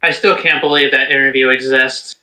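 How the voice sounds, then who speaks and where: A man's voice: medium pitch, steady tone, normal speed, sharp tone, slight background noise, poor audio. A man co-hosting a casual chat, joking and swearing freely. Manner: profane, joking. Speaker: podcast co-host.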